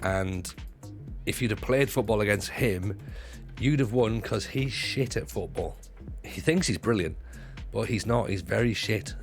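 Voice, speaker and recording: On his livestream, a man who used to perform stand-up chats with viewers in a jokey way, swearing freely and restarting his sentences. He talks a little slowly in a lowish voice over soft background music.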